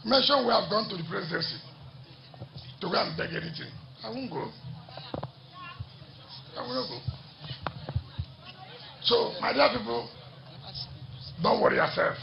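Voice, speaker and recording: A man's voice: high-pitched, very animated, normal speed, vocal fry, long pauses. A man gives a defiant political rally speech and repeats lines for emphasis. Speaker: politician addressing a party rally. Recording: dull echoey public-address sound, faint noise.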